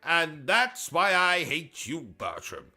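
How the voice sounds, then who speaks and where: British male streamer, pompous and theatrical, slow deliberate delivery, bright edge. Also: fairly high pitch, big pitch swings. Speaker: gaming YouTuber. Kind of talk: comedic livestream rant.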